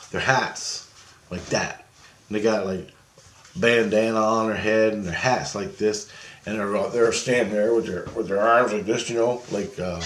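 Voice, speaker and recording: On the low side and heard in a reverberant space, a man relates his astral travel experience in a rambling, casual way. He swears, laughs frequently and acts out the voices of those in the story.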